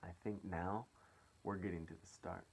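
A man reading a children's novel aloud to listeners, pausing for friendly, chatty asides. His voice is deep and a little husky. He tells the story in an easy storytelling way. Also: steady tone. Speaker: story reader.

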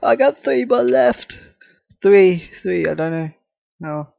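A man's voice: high voice, lively intonation, slow pace, creaky, no room sound, muffled recording. A man commentating his own horror game play, jumpy, swearing, laughing and talking to objects in the game. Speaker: gaming channel host.

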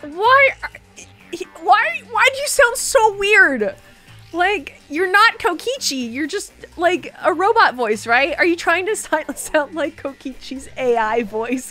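An excitable, giggly woman co-hosting a video game playthrough. Her voice is high and very animated, yet her pace stays slow. Faint game music plays behind her. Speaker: let's play co-host. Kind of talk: casual gaming commentary.

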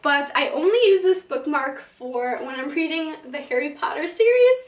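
A woman's voice: high-pitched, lively intonation, moderate pace, distant mic. A young woman vlogging about books in a chatty, gushing way, with lots of "like" and dramatic asides. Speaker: book vlogger. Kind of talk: casual talking-to-camera vlog. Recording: echoey room, slightly off mic.

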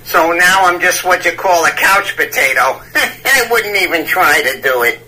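A man's voice: sits high, lively intonation, unhurried, pushed and bright, heavily acted. A man voicing a rambling 73-year-old man on a prank phone call, stammering and cackling while he mixes up idioms. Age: old man persona. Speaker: scam baiter.

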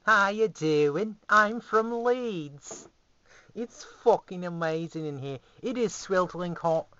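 A man putting on a loud, crude northern English character in a home video. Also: sits high, expressive, slow pace, clean tone, muffled recording, voice pushed up, exaggerated voice. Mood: brash.

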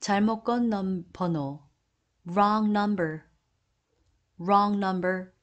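A woman reading an English vocabulary list, giving each Korean term and then saying the English phrase twice, slowly and deliberately. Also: medium pitch, muffled recording.

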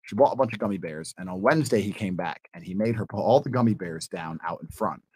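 A man telling a story as a podcast guest, swinging between low mutters and loud high bursts. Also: fast talker, breathy edge. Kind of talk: casual storytelling. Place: podcast studio. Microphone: studio mic.

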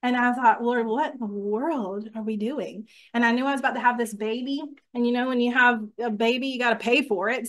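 A woman's voice: a little high, fairly bright tone. A young woman teaching a women's Bible study, earnest and chatty, with many fillers and restarts.

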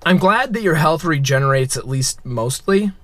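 A man doing let's play commentary on a game, excitable and joking, yelping at scares and talking to his viewers. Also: a little high, moderate pace. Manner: excitable, yelps and shouts at scares. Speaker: gamer.

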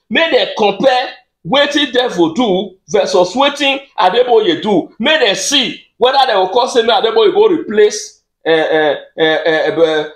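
Man, Nigerian accent, very high voice, comic monologue, excitable, stumbles over repeats, echoey room. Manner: excitable, rambling, stammering repeats. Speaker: comedian.

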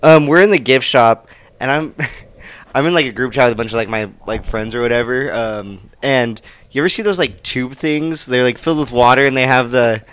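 A man's voice: mid-range voice, moderate pace, a bit bright, smooth, no echo. A young man co-hosting a podcast, telling crude joking stories in casual chat. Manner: joking, tells tall tales, laughs a lot. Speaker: podcast co-host.

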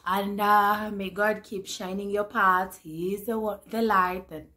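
A woman in her twenties chatting to camera as a vlogger, excitable and repeating her phrases. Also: mid-range voice, a little slow, a little hiss or hum. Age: 20s. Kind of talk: casual chat to camera.

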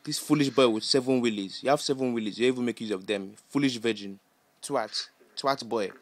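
A man playing a bossy, scolding Nigerian uncle who fires off rapid, repetitive insults in comic banter. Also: mid-range voice, lightly acted. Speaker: comedy character.

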